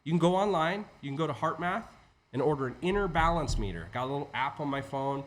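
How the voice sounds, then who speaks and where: A man as a podcast guest, an entrepreneur teaching in a casual, animated way with frequent swearing. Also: fairly high pitch, fast. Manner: animated, profane, acts out inner voices. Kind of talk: conversational teaching.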